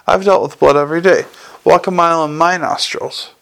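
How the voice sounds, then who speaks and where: A man's voice: on the high side, steady tone, a little fast, gravelly, a bit bright, clean tone. A man voicing a wry, blunt female watch officer thinking aloud.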